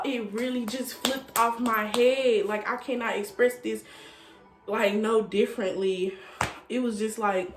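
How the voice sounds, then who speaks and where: Woman telling a story, laughing and animated. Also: medium pitch, roomy sound. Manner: animated, laughing, repeats phrases for effect. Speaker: storytime vlogger. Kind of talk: casual storytelling.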